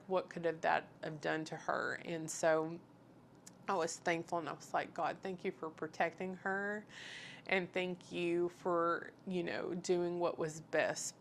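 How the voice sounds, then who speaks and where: A woman's voice: fairly low pitch, vocal fry, fairly bright tone, slight background noise. A woman in her thirties telling a personal faith story, candid and full of fillers, acting out the conversations she recounts. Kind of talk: personal testimony.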